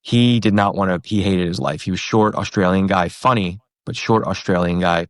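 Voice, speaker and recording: Low-voiced man telling a story. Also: normal speed, no room sound, studio quality. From New York and Pennsylvania. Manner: animated, acts out quoted voices. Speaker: comedian guest. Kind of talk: casual storytelling.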